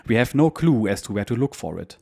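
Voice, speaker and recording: A man narrating a war memoir as a history channel host, in a steady, measured reading style. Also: medium pitch, creaky, breathy edge.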